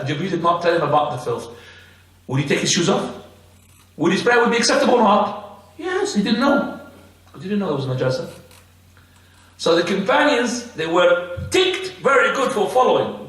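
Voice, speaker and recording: Guy teaching a class, voice jumps all over, kinda high, roomy echo, far from the mic. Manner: animated, rhetorical questions and quick answers. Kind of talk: religious lesson. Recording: echoey room, mic far off.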